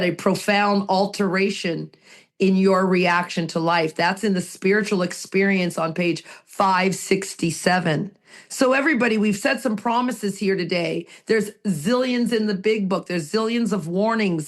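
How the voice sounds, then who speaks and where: A woman co-hosting a recovery podcast, talking in an emphatic, heartfelt way and repeating her phrases for weight. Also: mid-range voice. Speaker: podcast co-host.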